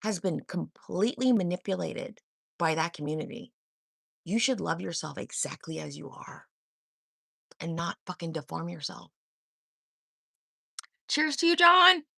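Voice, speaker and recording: A woman's voice: low voice, moderate pace, gravelly, husky, no echo, studio quality. A woman hosting a livestream, talking back to chat viewers by name in a confrontational, sarcastic way and swearing freely. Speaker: livestream host. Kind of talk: heated live-chat monologue.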